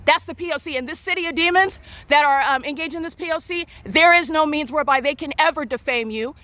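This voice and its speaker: A woman's voice: high voice, fast, pushed and bright, dry recording. A woman filming on her phone outdoors, narrating in an accusatory, repetitive, insistent way. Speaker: vlogger filming people around her. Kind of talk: confrontational narration while filming. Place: outdoors in a town square and parking lot.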